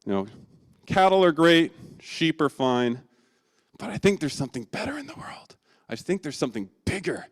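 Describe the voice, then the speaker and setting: A man's voice: fairly high pitch, sing-song, measured pace, smooth, voice pushed up. A man doing a restless, dreamy young son.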